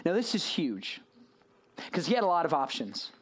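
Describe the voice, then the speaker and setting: A man preaching a sermon to a room, telling a story with lively swings in voice and acting out the people in it. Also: a little high, moderate pace.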